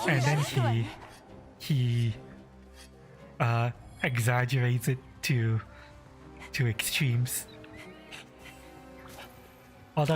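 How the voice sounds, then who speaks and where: A man's voice: mid-range voice, slow pace, long pauses, soft background music. A man streaming a game, talking casually in rambling, swearing asides to his chat. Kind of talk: casual live-stream commentary.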